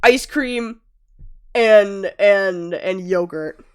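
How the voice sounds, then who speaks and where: Woman streamer, a bit sick, unhurried, prone to loud outbursts. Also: medium pitch, clean tone. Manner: loud, laughing outbursts, swears. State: sick-sounding. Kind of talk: casual game stream commentary.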